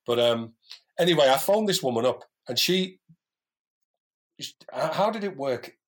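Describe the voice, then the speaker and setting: A man's voice: medium pitch, animated, measured pace, breathy edge. A man guest on a podcast, earnestly telling a personal story in casual chat with many restarts. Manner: earnest, talks in restarts and asides.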